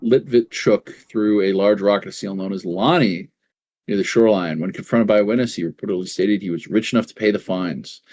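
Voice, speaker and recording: A man's voice: fairly low pitch, fairly quick, darkish tone. Swearing, joking male podcast host. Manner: rambling, joking, swears often. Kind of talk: casual chat.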